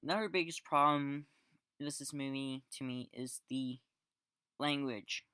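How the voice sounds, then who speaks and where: A man's voice: mid-range voice, fairly even intonation, unhurried, bright, forceful tone, clear, resonant tone, dry recording, studio quality. A man giving a casual spoken film review, rambling with restarts and fillers and sarcastic, exasperated asides. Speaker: movie reviewer.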